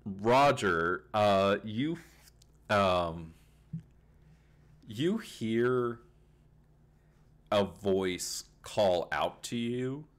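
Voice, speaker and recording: A man's voice: fairly low pitch, lively intonation, very slow, long pauses. A man narrating a tabletop game as game master, rambling with many fillers, on a home computer mic.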